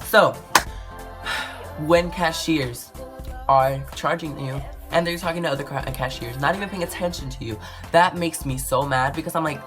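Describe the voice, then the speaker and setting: A woman with a low voice rants casually to camera, rambling and exasperated. She fills her talk with "like" and swings from loud outbursts to muttering. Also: normal speed, music in the background. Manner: exasperated, rambling, says "like" a lot. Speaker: vlogger.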